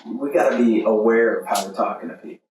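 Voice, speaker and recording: A man of middle pitch co-hosts a podcast, picking his words haltingly with plenty of fillers. He sits far from the mic in a very echoey room with faint noise behind. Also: a little mellow. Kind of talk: casual podcast conversation.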